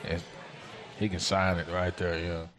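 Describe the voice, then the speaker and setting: A man's voice: deep voice, unhurried. Man, easygoing guest chatter, slight background noise. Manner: relaxed, repeats "you know" often. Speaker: football player guest. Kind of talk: casual chat.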